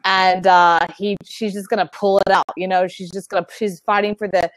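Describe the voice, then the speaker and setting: A woman from Texas on a casual political panel, outspoken and animated, cutting in to argue her point. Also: mid-range voice, normal speed, no echo, poor audio.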